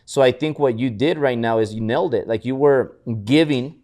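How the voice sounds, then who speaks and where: A male podcast co-host with a mid-range voice tells stories at a moderate pace in casual, motivational talk. He repeatedly restarts words and animatedly acts out other people's lines.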